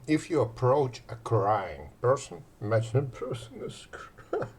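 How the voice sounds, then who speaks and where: Slow, rambling man with lively pitch. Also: breathy edge. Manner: slow, rambling, many fillers, swings between loud and quiet. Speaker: channel host. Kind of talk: casual talk on relaxation and rapport.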